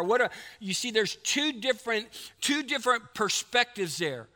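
A man's voice: very high-pitched, lively intonation, normal speed, sharp tone. A man, preaching a folksy sermon as pastor of his church. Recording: long hall reverb.

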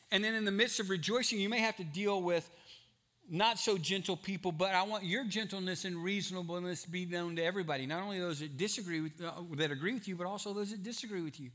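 Bright-voiced preaching pastor. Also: male voice, fairly high pitch. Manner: builds from quiet to excited preaching, asks the congregation questions; sings a hymn softly. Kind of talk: sermon.

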